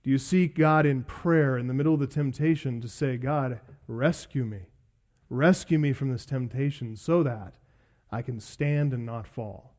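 This sermon comes from a middle-aged pastor whose mid-range voice has a darkish tone and unhurried, measured pacing. Between earnest questions to the congregation, he tells personal anecdotes and pokes fun at himself.

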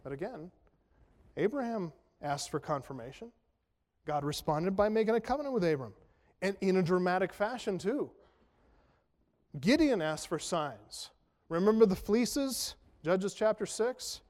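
A male pastor with a fairly high voice delivers a sermon, chatty and wry, full of rhetorical questions and self-mocking jokes. His words ring out with a long reverb in a large church hall. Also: lively intonation, unhurried, darkish tone. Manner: conversational, self-deprecating humor, rhetorical questions. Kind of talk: expository sermon.

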